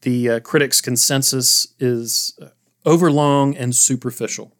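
A man's voice: medium pitch, steady tone, measured pace. A man co-hosting a movie podcast, casually reading out film facts and laughing often. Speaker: podcast co-host.

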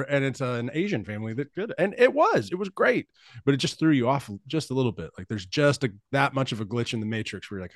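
A male podcast host who tells loose, rambling stories and swears freely, at a middling pitch. His voice is dry and close to the mic. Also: very animated, quick pace, no echo. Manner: rambling storyteller, swears freely, laughs often. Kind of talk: casual podcast chat.

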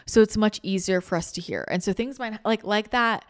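A woman hosting a spiritual podcast, chatting casually in a rambling, animated way, full of restarts, laughter and casual swearing. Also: medium pitch, a little fast. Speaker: spiritual channeler and podcast host.

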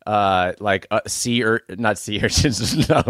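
A man's voice: fairly low pitch, measured pace, fairly bright tone. A man co-hosting a podcast who improvises a comic story casually, hedging often with filler words.

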